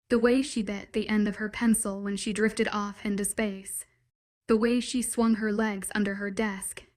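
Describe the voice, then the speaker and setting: A woman narrating a first-person romance audiobook with an even, steady reading. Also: medium pitch.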